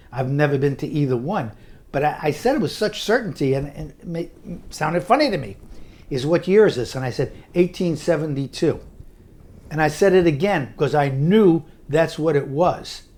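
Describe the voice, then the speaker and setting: A man's voice: on the high side, a little mellow. An older man narrating his own memoir in an earnest, conversational way, often restarting his words. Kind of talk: personal storytelling narration.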